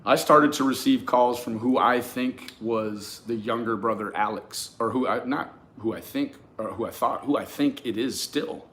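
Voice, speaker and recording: A profane, animated man telling a story. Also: lowish voice, a little hiss or hum. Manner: profane, animated, frequent restarts. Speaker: YouTube commentator. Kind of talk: casual storytelling to camera.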